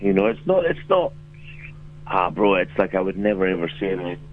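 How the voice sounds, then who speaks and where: A man with a very deep voice and a New Zealand accent talks in a relaxed, rambling way, full of "you know" and restarts. He comes through a dull, muffled phone line with a faint hum underneath. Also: a little fast. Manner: laid-back, rambling, many fillers and restarts. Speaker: musician and actor guest. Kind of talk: casual phone interview.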